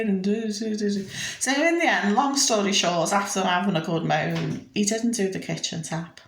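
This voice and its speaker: A woman's voice: medium pitch, measured pace, echoey room. A middle-aged woman, chatting casually in a home vlog, indignant and acting out quoted exchanges. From United Kingdom. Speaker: vlogger.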